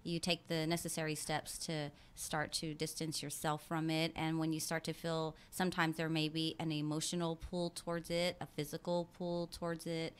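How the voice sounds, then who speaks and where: A woman's voice: low-pitched, monotone, moderate pace, few pauses, clean tone. A woman co-hosting a radio show in casual chat, talking things through thoughtfully and laughing often, on a studio microphone. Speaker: radio co-host.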